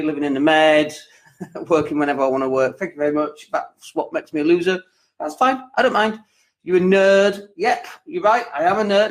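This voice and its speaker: Brief: upbeat male podcast host from England, ranting and joking, fairly high voice. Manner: animated, lively, jokey and ranting. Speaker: podcast host and property coach. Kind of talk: casual livestream monologue.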